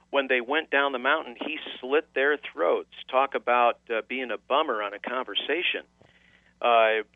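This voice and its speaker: A wry man debating on the radio, reading scripture aloud at length. His voice comes through a thin, phone-like line. The sound is dry, with no room echo. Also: medium pitch. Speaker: radio host. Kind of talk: debate on a call-in radio show.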